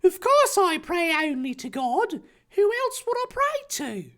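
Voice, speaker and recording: A man putting on a very high voice for an earnest, shocked, devout schoolboy in a comedy reading. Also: wildly swooping pitch, unhurried, bright, forceful tone, heavily acted. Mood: indignant. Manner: indignant, pious.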